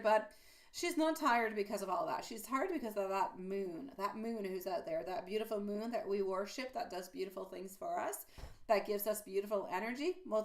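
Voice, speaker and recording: Chatty woman giving a live tarot reading. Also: medium pitch. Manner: chatty, affectionate, calls viewers sweetie; rambling with many fillers and restarts. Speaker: tarot reader.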